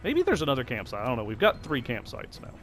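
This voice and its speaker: A man's voice: medium pitch, wildly swooping pitch, fast talker, a bit bright, faint music behind. A man casually commenting on his video game session, chatty and self-deprecating. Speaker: let's play host.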